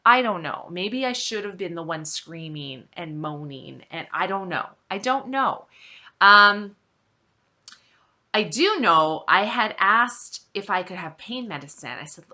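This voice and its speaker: Woman vlogging her own story, slow and animated, voice jumping all over, blunt and fed up. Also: fairly low pitch. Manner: emphatic, candid, exasperated retelling. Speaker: vlog host. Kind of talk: personal storytelling to camera.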